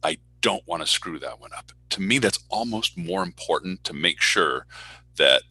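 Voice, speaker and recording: Deep, forceful-voiced male announcer. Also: moderate pace, slightly rough, dry recording, low-quality recording. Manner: animated storyteller who acts out voices in anecdotes. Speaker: public address announcer. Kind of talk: casual talk in an online speaker Q&A. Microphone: video call.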